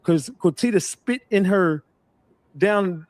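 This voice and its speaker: A male commentary host with a slightly higher voice talks close and dry, without much room sound. He keeps teasing his audience and swearing loosely, looping back over his own questions as he reacts. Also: slow pace, a little mellow, no echo. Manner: teasing, profane, repeats himself.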